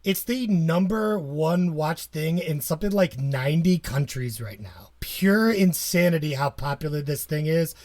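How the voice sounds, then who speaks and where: A man's voice: on the high side, animated, measured pace, hardly any pauses, darkish tone, dry recording. A man co-hosting a podcast, chatting casually and enthusiastically about games and shows. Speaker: podcast co-host. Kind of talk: casual chat.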